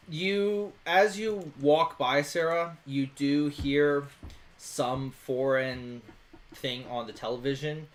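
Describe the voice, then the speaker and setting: A man narrating a tabletop role-playing game in a relaxed, rambling way with lots of filler words. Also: mid-range voice. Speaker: game master.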